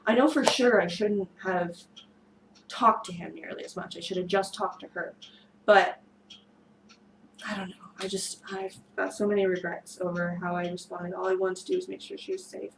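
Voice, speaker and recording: A woman's voice: medium pitch, slight background noise, rough recording. A woman vlogger recounting a tense street incident in a rambling storytime monologue, her voice strained from screaming earlier. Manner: rambling, many fillers and restarts. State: losing her voice.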